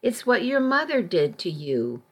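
A weary, exasperated husband, as a woman reader voices him in a storybook reading. He speaks bluntly and reproachfully at an everyday mid pitch. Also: very animated, measured pace, slightly rough. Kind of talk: audiobook reading.

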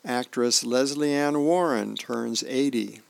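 Gravelly-voiced man reading the paper aloud. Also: mid-range voice, takes it slowly, no room sound. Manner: relaxed, homey reading with small asides and self-corrections. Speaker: volunteer reader. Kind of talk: reading newspaper comics and birthdays aloud.

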